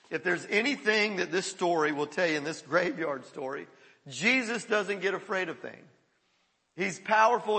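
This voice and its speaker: A male pastor telling stories in a sermon, animated and often chuckling. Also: high-pitched. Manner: animated storytelling with frequent chuckles. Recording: echoey hall.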